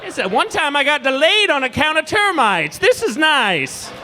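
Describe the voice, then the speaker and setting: A man putting on the voice of a folksy old small-town man who reminisces in a slow, nostalgic drawl. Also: very high-pitched, sing-song, background noise, pitched above the performer's own voice.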